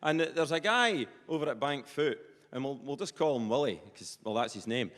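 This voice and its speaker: A Scottish man with a Perthshire accent doing live stand-up, chatty and rambling, full of colloquial asides. His voice sits at a middle pitch. It echoes in a big hall with a long reverb. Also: animated, fairly quick, fairly bright tone. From Scotland. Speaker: stand-up comedian.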